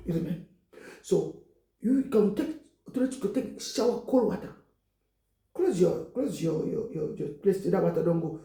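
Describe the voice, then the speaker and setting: A woman gives an informal exhortation. Her voice is very dark and mellow with a gravelly edge. She circles back over her points with "you see" and rises into loud prayer, heard in a roomy, echoing space. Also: fairly low pitch. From Cameroon. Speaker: exhortation speaker.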